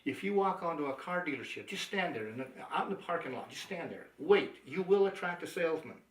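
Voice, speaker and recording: A man's voice: a little high, fast, reverberant, far from the mic, poor audio. A man giving a sales training talk, telling stories, acting out the dialogue and chuckling often. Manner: chuckling, anecdotal, animated.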